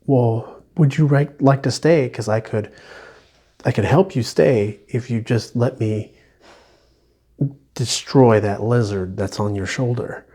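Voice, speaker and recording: A man voicing a patient male angel who keeps gently pressing his offer, while retelling a book scene. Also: mid-range voice, slow, husky. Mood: insistent. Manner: gently persistent.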